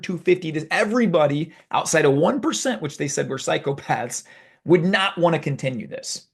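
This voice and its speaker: A man hosting a video, telling a story in a casual, animated, conversational way. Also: a little high, gravelly, breathy edge. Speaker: video host. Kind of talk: casual talk to camera.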